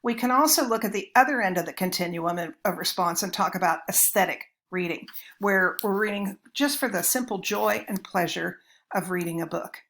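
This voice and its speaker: A woman's voice: medium pitch, fairly quick, fairly bright tone. A middle-aged woman teaching children's literature, giving a chatty, anecdotal lecture and calling her listeners folks. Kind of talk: recorded lecture.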